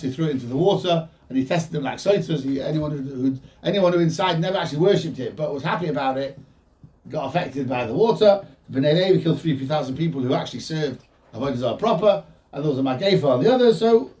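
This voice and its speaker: A man giving an informal Torah class, quoting Hebrew texts and explaining them in with lively energy. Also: medium pitch. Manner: animated, quotes Hebrew texts then explains in English. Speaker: rabbi teaching a Torah class. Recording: voice from a distance from the mic.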